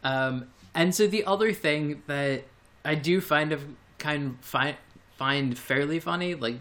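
A man's voice: a little high, slow, fairly bright tone. Rambling, hesitant podcast guy. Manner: rambling, hesitant, many restarts and fillers. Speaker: podcast co-host. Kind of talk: casual chat.

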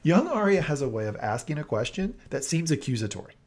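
A man co-hosting a casual recap podcast, telling scenes in an animated way with laughs and quick voice impressions. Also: a little high, a little hiss or hum. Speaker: podcast co-host.

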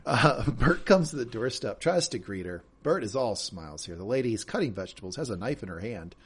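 A man's voice: mid-range voice, fairly quick, husky. A man co-hosting a podcast, chatting casually through a TV episode recap and often repeating words as he starts a thought. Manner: animated, repeats words when starting sentences. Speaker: podcast co-host.

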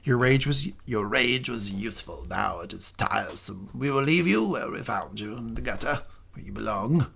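Man doing a lisping, sneering villain bit, hushed and slow, mid-pitch. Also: animated, vocal fry, slight background noise. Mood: scornful. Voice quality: slight lisp. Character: menacing male dark-side Inquisitor, cold and scornful. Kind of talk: impression within a podcast chat.

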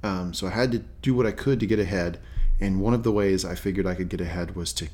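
A man co-hosting a casual show recap podcast, telling it with wry, animated asides. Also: low voice, fast, a little hiss or hum. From rural Southern US. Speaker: podcast co-host.

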